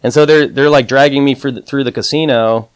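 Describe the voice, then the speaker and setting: A podcast guest and advantage gambler, this man speaks briskly in a medium-pitched, smooth, steady voice with no room sound. Telling his story casually with plenty of fillers and "you know," he raises his voice to act out the quotes he recounts.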